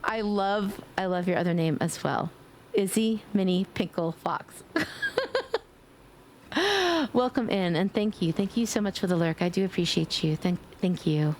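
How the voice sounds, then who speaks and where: A woman streamer chatting casually with her viewers in a playful way, now and then slipping into squeaky baby talk and screams. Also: unhurried, a little mellow, slight background noise. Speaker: livestreamer. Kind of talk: casual live-stream chat.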